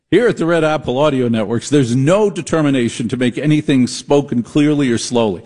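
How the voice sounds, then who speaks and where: Husky sarcastic talk radio host. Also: male voice, medium pitch, brisk, few pauses, darkish tone. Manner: riffing, sarcastic, puts on mocking voices. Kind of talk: comedic talk radio monologue.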